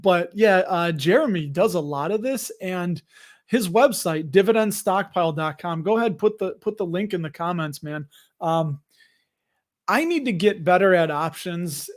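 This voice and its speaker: A man with a Chicago accent hosting a live investing stream, chatting casually, joking and laughing often as he reads comments. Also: high voice.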